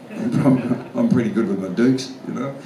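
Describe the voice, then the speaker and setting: A guest actor with an Australian accent, hailing from the outback, answers convention Q&A questions through casual, blunt, profanity-laced stories. His medium-pitched voice is dark in tone and a little slow. The large convention hall sounds echoey, the mic is far off, and faint room noise is audible.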